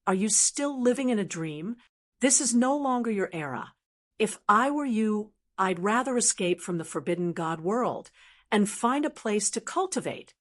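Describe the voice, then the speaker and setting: A woman's voice: medium pitch, animated, normal speed, close to an everyday voice. Woman reader voicing a sneering young male martial hero, lecturing and scornful, storybook read. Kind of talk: audiobook character reading.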